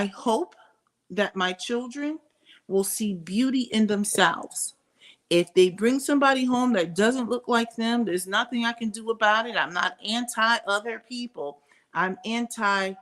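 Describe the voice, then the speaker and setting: A woman's voice: medium pitch, a bit bright. A middle-aged woman giving candid, opinionated commentary in a casual vlog, thinking aloud with frequent restarts and asides. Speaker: commentary vlogger.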